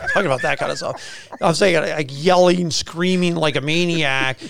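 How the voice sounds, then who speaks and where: A middle-aged man, a pastor hosting a casual faith podcast and telling stories in an energetic, chatty way. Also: on the high side, normal speed, gravelly, no echo, studio quality.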